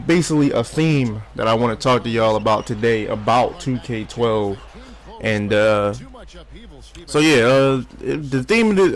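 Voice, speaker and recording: A man giving joking, profane gameplay commentary as a gaming YouTuber. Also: medium pitch.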